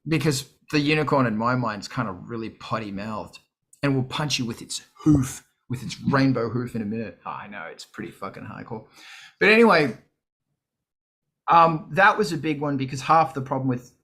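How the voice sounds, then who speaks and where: A man hosting a live stream, chatting casually to viewers, swearing freely and acting out what others said. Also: medium pitch. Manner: animated, swearing, quoting others in put-on voices. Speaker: livestream host. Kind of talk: casual chat to a live audience.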